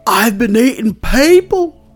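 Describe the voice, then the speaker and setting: A man voicing a shell-shocked male adventurer in a tabletop game, high and wailing with drawn-out words. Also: big pitch swings, faint music behind, exaggerated voice.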